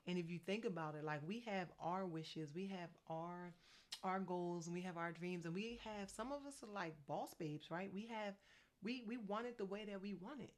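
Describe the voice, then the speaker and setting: A woman in her forties from New Jersey, a faith and fitness coach talking fast and excitedly in a motivational vlog. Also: lowish voice. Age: 40s.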